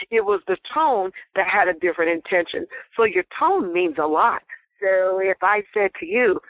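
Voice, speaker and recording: A woman's voice: medium pitch, normal speed, no echo. A woman talks through a tinny, phone-like line that sounds completely dry. She explains things in an emphatic, teacherly way, swinging her voice up and down to drive each point home. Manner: animated, emphatic, teacherly speaking. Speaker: guest speaker on body language. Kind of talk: interview on a phone call.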